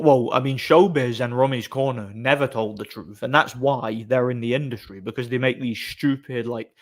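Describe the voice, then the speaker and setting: Man, live-stream chat, sarcastic, rambling, mid-pitched voice, lots of ums and restarts. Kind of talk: casual live-stream chat reading comments.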